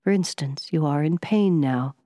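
A woman voicing a calm, serious male wizard and scientist who speaks quietly and in a measured way. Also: deep voice, dry recording, clean studio sound, natural voice.

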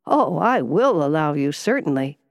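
A woman's voice: sits low, big pitch swings, moderate pace, creaky, dry recording, clean studio sound, exaggerated voice. A woman voicing a testy, ailing older male millionaire who speaks with vexed impatience.

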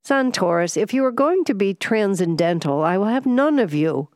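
A woman's voice: mid-range voice, animated, normal speed, darkish tone, no echo, studio quality, voice pushed up, natural voice. A woman voicing a testy, ailing older male millionaire who speaks with vexed impatience.

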